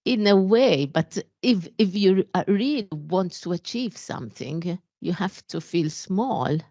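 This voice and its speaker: A woman speaking on a conference panel, thoughtful and halting. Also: lowish voice, lively intonation, mellow, no echo, dull audio. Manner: thoughtful, hesitant with fillers. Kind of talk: panel discussion.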